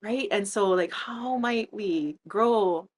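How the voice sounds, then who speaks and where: A woman telling a story casually in a discussion, animated and quick to laugh. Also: medium pitch, slight background noise. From Hawaii. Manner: animated, laughing, quotes others in changed voices. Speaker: entrepreneurship community worker, panel speaker.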